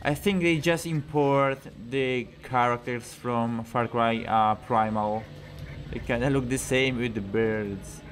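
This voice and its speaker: A man giving casual, sarcastic gameplay commentary, swearing often and gushing in mock excitement. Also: mid-range voice, slow. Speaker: gamer commentating his gameplay.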